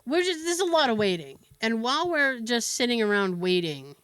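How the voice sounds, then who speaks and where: A woman hosting a podcast, telling a story in a casual, animated way with laughs and swearing. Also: fairly high pitch, moderate pace. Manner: animated, laughing, profane, with fillers. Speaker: podcast host.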